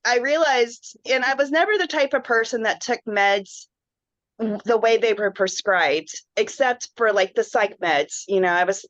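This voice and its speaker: Slow-talking earnest woman on a video call. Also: a little high, fairly bright tone, no echo. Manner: earnest, emotional, rambling with frequent "like". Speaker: webinar guest sharing a health story. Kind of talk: candid personal testimonial. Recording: dull, muffled online call audio.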